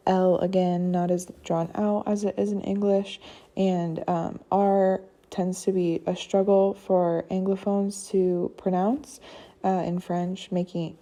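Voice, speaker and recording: Young woman, student presentation, slow pace, gravelly fry, frequent ums. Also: fairly low pitch, warm tone. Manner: unhurried, frequent fillers. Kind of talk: class presentation on phonology.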